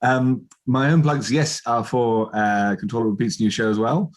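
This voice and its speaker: A man's voice: mid-range voice, fairly even intonation, moderate pace. A man on a video call, speaking in a wry, wordy, amused way. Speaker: cast member. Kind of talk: casual chat on a video call.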